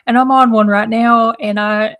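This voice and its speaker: A young woman with a somewhat high voice chats casually to her live-stream viewers. Her throat is hoarse and scratchy, so the words come out rough. She rambles loosely and greets people in the chat. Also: fairly even intonation, normal speed, fairly bright tone. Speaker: livestream host.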